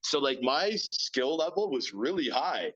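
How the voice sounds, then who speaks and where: A man's voice: mid-range voice, sing-song, unhurried, fairly bright tone, dull audio. A man in his thirties, a former pro hockey player, telling stories as a guest in a casual interview, rambling with many fillers and repeated words.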